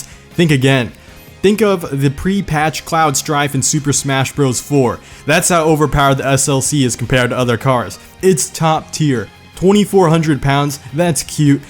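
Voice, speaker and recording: A man hosting a car video in scripted narration, joking and sarcastic, with a slight lisp from medicine. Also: mid-range voice. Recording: faint music behind.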